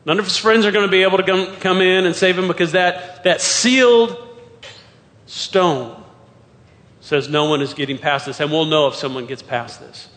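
A pastor preaching a sermon and walking through scripture verse by verse, with pointed rhetorical questions. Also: male voice, sits high, normal speed, a bit bright. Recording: long hall reverb.

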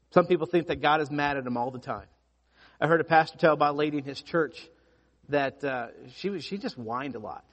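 A pastor preaching a sermon, telling stories with lively emphasis and frequent restarts. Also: male voice, on the high side, long reverb tail. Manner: animated storytelling with repeated restarts.

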